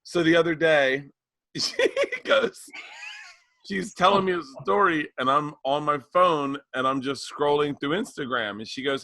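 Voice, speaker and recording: Bright-voiced male comedian, dry close sound. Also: fairly high pitch, animated, normal speed, dry recording. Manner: laid-back storyteller, swears, quotes back-and-forths. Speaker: stand-up comedian and podcast co-host. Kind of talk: casual chat.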